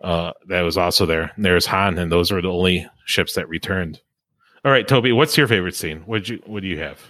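A man hosting a podcast in casual chat, chatty and quick to laugh, often trailing off mid-sentence. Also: sits low, bright, forceful tone, dry recording. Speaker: podcast host.

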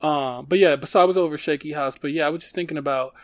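A man's voice: a little high, fast, dry recording. A man in his thirties from Detroit, telling rambling stories in casual chat with lots of fillers. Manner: animated storytelling, lots of fillers.

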